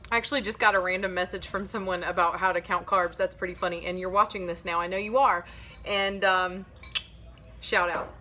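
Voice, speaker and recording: A woman's voice: on the low side, steady tone, brisk, bright, forceful tone, a little hiss or hum. A woman chatting casually to her viewers in a home kitchen cooking vlog, upbeat and talking to them directly. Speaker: vlogger.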